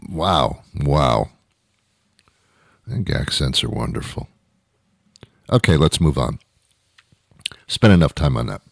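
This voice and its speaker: A man with a very low voice rambles through a comic monologue in a deadpan, mock-outraged way. The sound is dry and close, with no room sound. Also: moderate pace, gravelly, pauses often, slightly rough, no room sound. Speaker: show host. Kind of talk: comedic monologue.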